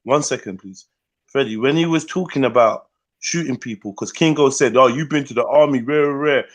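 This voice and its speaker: A man's voice: medium pitch, fairly quick. A British man hosting a call-in panel, repeating his questions and telling the guests to hold on. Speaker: host. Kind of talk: moderating a heated call-in panel.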